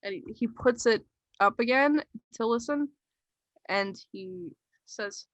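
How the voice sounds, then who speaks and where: A woman narrating as game master of a tabletop game, halting and full of fillers, on a close mic. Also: fairly high pitch, no echo, lo-fi sound. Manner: halting, full of ums and likes.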